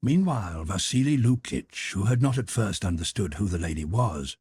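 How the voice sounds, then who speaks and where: Deep, husky male audiobook narrator. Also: darkish tone. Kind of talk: scripted narration.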